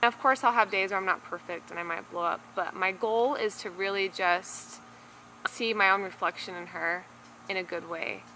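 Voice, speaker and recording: Bright-voiced young mother chatting to camera. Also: medium pitch, fairly even intonation, normal speed, a little hiss or hum, poor audio. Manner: talkative, many filler words and restarts. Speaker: parenting vlogger reviewing a book. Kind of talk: casual chatty book review to camera.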